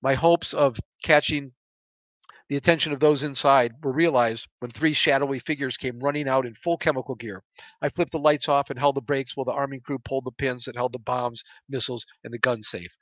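A man reads aloud from his own book in first person. He raises his voice for the radio calls and drops to a murmur for inner thoughts. The recording is dry and a little dull, with a voice of middle pitch. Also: fairly even intonation, brisk, a bit bright, dry recording. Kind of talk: first-person story reading.

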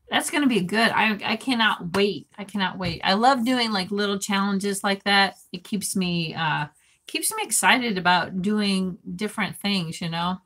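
Bright-voiced woman chatting on a live stream. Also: medium pitch. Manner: giggly, rambling, reads comments aloud. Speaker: livestream host reading chat. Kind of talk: casual live-chat talk.

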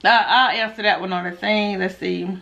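A woman chatting casually while she eats on camera, reading viewer questions aloud and answering in a laid-back, animated way that often breaks into laughs. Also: medium pitch, moderate pace, vocal fry, highs cut off. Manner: animated, laughs often when telling stories. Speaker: mukbang vlogger.

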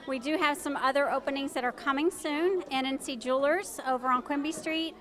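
A woman's voice: high voice, brisk, a crowd in the background. A woman organizing a downtown shopping event, answering interview questions with lots of ums. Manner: informative, many fillers. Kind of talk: on-the-street interview. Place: busy downtown street at night.

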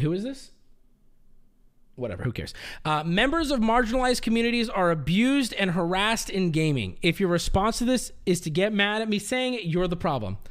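Exasperated male streamer ranting, lively pitch. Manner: swearing, exasperated outbursts. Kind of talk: angry reaction rant.

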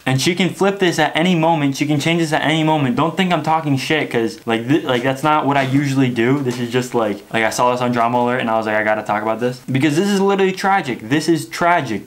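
A young man talking to camera in a casual vlog rant, telling stories with lots of "like" and "okay?". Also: mid-range voice. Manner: animated storytelling, frequent "like" and "okay?". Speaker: wrestling vlogger.

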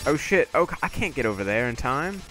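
A man streaming a video game live, excitably talking himself through boss fights and swearing often. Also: medium pitch, fairly quick, over music. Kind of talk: live gameplay commentary.

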